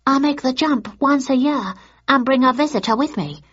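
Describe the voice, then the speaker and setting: Woman putting on a high brisk Japanese tour guide. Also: slightly rough, highs cut off. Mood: polite.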